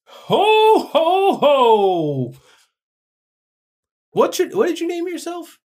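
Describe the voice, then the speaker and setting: Santa Claus, as a man puts him on in a squeaky falsetto. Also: huge pitch swings, darkish tone, heavily acted. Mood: jolly. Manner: squeaky falsetto, slow and prissy. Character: jolly high-voiced Santa Claus, prim and gentle.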